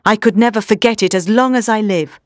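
A woman's voice: mid-range voice, a little fast, no echo, studio quality, natural voice. A woman reading the lines of an earnest young male solicitor who speaks with certainty.

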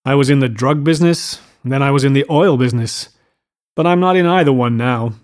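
A man's voice: medium pitch, brisk, lightly acted. Eager, boastful rich young man voiced by a male reader, showy and a little anxious, storybook reading. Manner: eager, boastful, keeps saying "old sport".

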